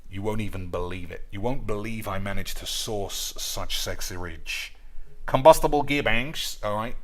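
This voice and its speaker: A man's voice: lowish voice, normal speed, fairly bright tone. A man streaming casually, chatting in profane, sardonic banter with his viewers. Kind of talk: casual live-stream chat.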